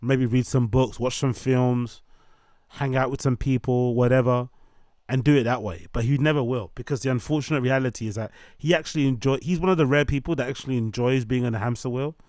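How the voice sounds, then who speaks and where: A man's voice: mid-range voice, fairly even intonation, darkish tone, no echo, studio quality. A man hosting a commentary show, ranting in an opinionated way and stacking up long lists of points. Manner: opinionated, rapid listing, sarcastic. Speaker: commentary channel host. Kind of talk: ranting commentary on a podcast clip.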